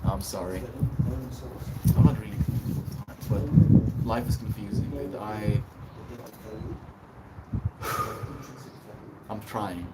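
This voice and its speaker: A man's voice: fairly low pitch, slow, long pauses, far from the mic. A man livestreaming, chatting casually and laughing as he reads and answers messages from his chat. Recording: voice a bit off-mic with clear background noise.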